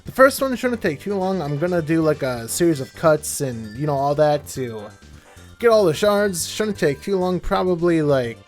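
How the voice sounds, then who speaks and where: A young man narrates his video game play in a sing-song, slightly high voice at a moderate pace, over soft background music. It's casual let's-play chatter that rambles, and he often corrects himself halfway through a sentence.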